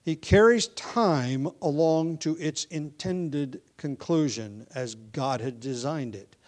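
A man teaching a sermon through a Bible book verse by verse, measured and deliberate, slowing down to stress key points, with occasional ums and self-corrections. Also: fairly high pitch, darkish tone. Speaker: preacher.

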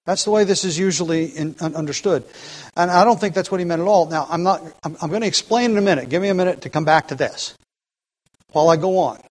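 A man preaching an expository sermon in a slightly raised voice. He talks earnestly and with emphasis, often restarting phrases. He slows right down to stress key lines. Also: on the high side, low-quality recording. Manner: earnest, emphatic, with frequent restarts and varied pace.

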